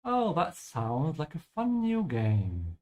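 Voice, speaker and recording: Professor de idiomas paciente, homem. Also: male voice, on the high side, wildly swooping pitch, takes it slowly, mellow. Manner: patient, checks in with "yeah?". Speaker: language teacher. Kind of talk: explaining vocabulary over gameplay.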